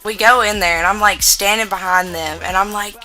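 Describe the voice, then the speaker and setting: A young American woman in her twenties with a Southern twang, telling rowdy stories in a casual gaming vlog, loud and profane. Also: mid-range voice, steady tone, a little fast, faint music behind, low-quality recording. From United States. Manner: loud, profane, laughing storyteller with a drawl. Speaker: gaming YouTuber.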